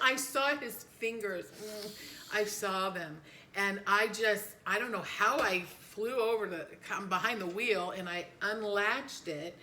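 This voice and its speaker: A middle-aged woman co-hosting a family podcast, telling a story in a casual, animated way and jumping high when she quotes people. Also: unhurried. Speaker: podcast co-host.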